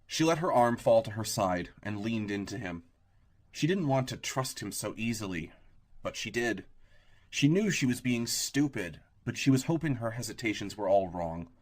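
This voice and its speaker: Narrating an audiobook at normal speed, a man uses a fairly low pitch. His delivery is steady and even, in a storytelling style.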